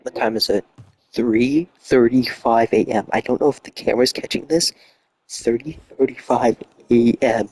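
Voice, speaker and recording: A man's voice: medium pitch, moderate pace, a little mellow, breathy edge. A young man playing a game late at night while lying down, muttering and swearing in frustration with half-whispered outbursts. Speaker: gaming streamer. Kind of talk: casual late-night gameplay commentary.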